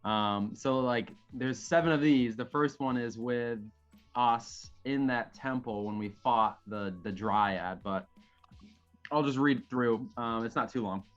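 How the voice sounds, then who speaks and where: Slow, rambly male player reading his story aloud, dull lo-fi sound with faint music. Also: medium pitch. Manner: rambling, many fillers. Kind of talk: casual tabletop game chat and storybook narration.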